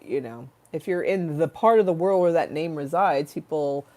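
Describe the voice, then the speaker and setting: A woman from the United States hosting a casual livestream, hoarse after a flu, rambling and joking, swearing freely and drifting into tangents. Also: sits low, moderate pace, darkish tone. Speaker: livestream host.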